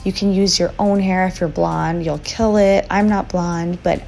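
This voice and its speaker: A young woman talking through a makeup tutorial in a chatty, relaxed, slightly slow and sleepy voiceover recorded as a voice memo. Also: on the low side, vocal fry, soft background music. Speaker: beauty vlogger.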